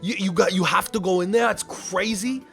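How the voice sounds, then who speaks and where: A man doing an impression of a friend, a laid-back man who sounds excited and drawls his words. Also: high voice, normal speed, gravelly, faint music behind.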